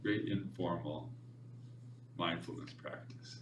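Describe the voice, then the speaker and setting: Low-voiced guy teaching meditation, chill and chatty, sounds far off in an echoey room. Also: takes it slowly. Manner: relaxed and chatty, with easy laughs. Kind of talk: informal class instruction. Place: library meeting room. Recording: echoey room, distant mic, background noise.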